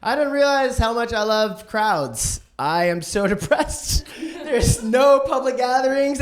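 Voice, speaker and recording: A man doing a stand-up set, manic and swearing, who acts out other people's lines in a shrill voice. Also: expressive, slow. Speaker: stand-up comedian. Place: online streamed show.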